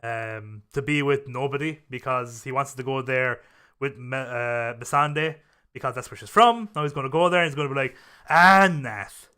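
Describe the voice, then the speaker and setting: A man's voice: medium pitch, sharp tone. A young man hosting a casual chat show, talking in a profane, rambling way full of fillers and restarts. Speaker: podcast host.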